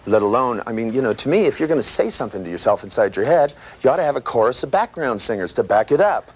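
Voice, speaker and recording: Animated, profane male seminar trainer. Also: medium pitch, fast talker, husky. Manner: animated and profane, acting out voices and sound effects. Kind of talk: live seminar lecture. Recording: noisy live seminar recording.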